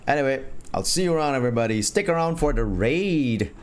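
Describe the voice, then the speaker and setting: A man's voice: medium pitch, expressive, fairly quick. Giggly male streamer, casual. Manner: giggly, laughs often between remarks. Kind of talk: casual gaming stream chat.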